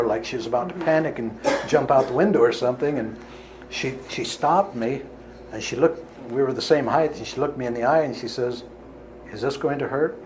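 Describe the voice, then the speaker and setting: A man's voice: mid-range voice, noisy background. A man, a healer, telling a vivid case story to listeners in an earnest, emphatic way. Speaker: healer giving a talk. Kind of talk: storytelling talk to an audience.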